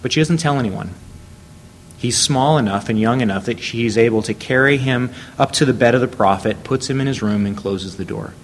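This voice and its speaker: A man preaching a sermon, telling a Bible story at a measured pace and reading scripture aloud. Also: medium pitch, slight background noise.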